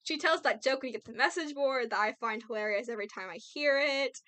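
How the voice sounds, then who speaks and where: A woman's voice: sits high, quick pace, pushed and bright. A woman giving casual, opinionated commentary on a video game, ranting bluntly and playfully with frequent laughs. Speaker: gaming video creator.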